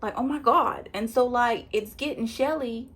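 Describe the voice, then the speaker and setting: A woman's voice: fairly high pitch, moderate pace, slightly rough. Chatty woman recapping TV. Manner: chatty, animated retelling with quoted voices and laughs. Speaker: reality show recap vlogger. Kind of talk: casual spoiler review.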